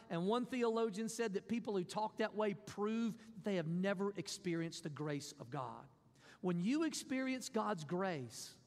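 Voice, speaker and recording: A man's voice: very high-pitched, big-room sound. A man preaching a sermon as pastor, emphatic, repeating his points and acting out quotes.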